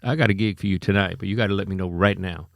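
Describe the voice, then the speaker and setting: A man's voice: sits low, very fast, gravelly, dry recording, clean studio sound. New York man telling stories. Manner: animated anecdotes, acts out quoted voices. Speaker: guest, comedian and former cop. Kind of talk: casual storytelling.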